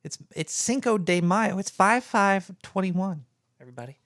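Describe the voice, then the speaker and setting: A man's voice: high voice, animated, moderate pace, a bit bright, no room sound, clean studio sound. A man hosting a casual late-night radio show, rambling and stumbling easygoing through his greetings.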